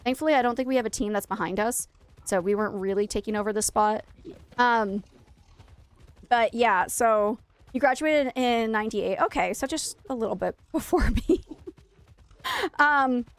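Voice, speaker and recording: A woman's voice: a little high, moderate pace, pauses often, dry recording. A woman in her thirties from Maine, chatting casually and animatedly with her viewers while she plays a game on stream. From Maine, United States. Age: 30s. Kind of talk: casual livestream chat while gaming.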